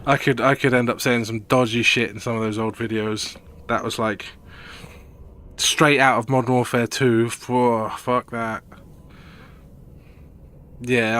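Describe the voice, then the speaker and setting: A young man talks casually through a live gaming stream, wandering from point to point with plenty of swearing. His voice is bright and forceful, at an ordinary pitch for a man. The chat stays loose and laid-back, like he is thinking out loud. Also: unhurried, long pauses, clear, resonant tone.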